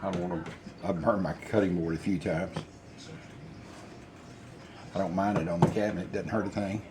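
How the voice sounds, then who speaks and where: Heavy background noise sits behind this older cooking channel host, whose deep voice keeps a steady tone at normal speed. He tells rambling, folksy stories while cooking at home in a casual vlog chat.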